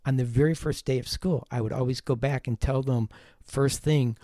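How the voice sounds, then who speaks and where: A man's voice: mid-range voice, normal speed, no room sound, studio quality. Earnest man telling a classroom story. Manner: earnest, animated retelling with self-deprecating humor. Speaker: teacher podcast host. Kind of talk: storytelling monologue.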